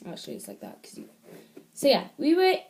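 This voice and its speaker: A woman's voice: high voice, wildly swooping pitch, fairly quick, gravelly, a little mellow. Chatty young British girl vlogging. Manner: chatty, rambling, self-correcting. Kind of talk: casual advice vlog. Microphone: iPad camera.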